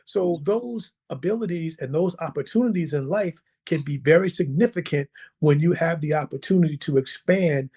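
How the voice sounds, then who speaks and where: A man with a slightly raised pitch tells a story in a casual, lively way. He acts out what others said and keeps checking in with the listener with "right?" and "okay?". He is a guest on a podcast. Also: moderate pace, husky.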